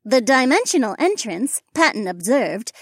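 A man's voice: very high-pitched, big pitch swings, moderate pace, fairly bright tone, dry recording, clean studio sound, voice pushed up, heavily acted. Abby, a man voicing a stiff robotic AI woman. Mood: formal. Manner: stiff, formal, recites company facts in full. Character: robotic female AI assistant, formal and obliging. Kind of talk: audiobook character voice.

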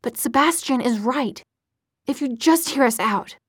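A woman reading an audiobook, voicing a cocky, teasing young man who speaks smoothly and mockingly. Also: high voice, measured pace, dry recording, studio quality.

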